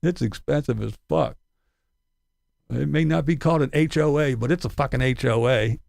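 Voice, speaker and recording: A man's voice: mid-range voice, normal speed, gravelly, a little mellow, no room sound, studio quality. A man ranting in profane, sarcastic commentary, laughing between his jabs. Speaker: commentary channel host.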